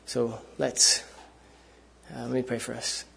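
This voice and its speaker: A man's voice: mid-range voice, level tone, slow pace, vocal fry, a bit bright, a little hiss or hum. A man preaching a sermon to a gathered congregation in an earnest, conversational way.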